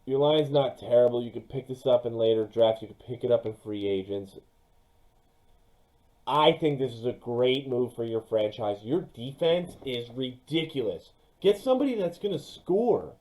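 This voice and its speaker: A young man giving casual, excitable commentary on his own football mock draft, speaking straight to his viewers. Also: medium pitch, moderate pace, poor audio. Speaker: sports YouTuber.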